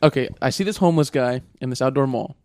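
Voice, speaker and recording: Fast, smooth-voiced young man chatting. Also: mid-range voice, darkish tone, no room sound, clean studio sound. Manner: blunt, candid, jumps in with reactions. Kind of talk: casual chat.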